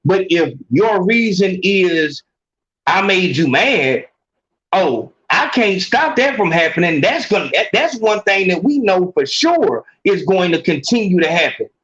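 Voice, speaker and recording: A man hosts a call-in podcast with a high voice, cursing freely and repeating himself as he talks. The room sounds echoey, and the recording is dull and muffled. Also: measured pace, few pauses. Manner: animated, profane, repeats and restarts often. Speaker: podcast host taking calls. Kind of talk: casual call-in advice talk.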